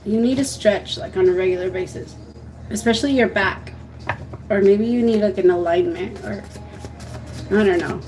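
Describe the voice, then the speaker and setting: A young woman reads tarot live from home, her voice soothing, emotional and full of restarts. She sits at a mid pitch, close to her computer mic. A faint hiss runs under the talk. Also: normal speed, long pauses. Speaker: tarot reader. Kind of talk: livestream tarot reading.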